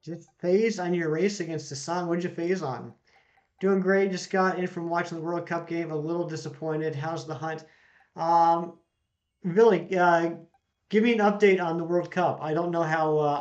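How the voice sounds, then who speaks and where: Relaxed game streamer, male, a bit higher-pitched, chatting with viewers over dull audio. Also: moderate pace. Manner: chatty, reads out chat jokes and greets viewers. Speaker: streamer reading live chat. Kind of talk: casual live-stream chat.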